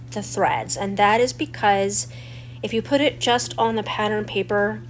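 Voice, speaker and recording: A woman in her forties with a stuffy, slightly crackly voice from a cold, chatting through the steps of a scrapbooking tutorial. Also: medium pitch. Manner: chatty and explanatory, walking through each step. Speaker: scrapbooking channel host. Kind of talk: crafting tutorial voice-over.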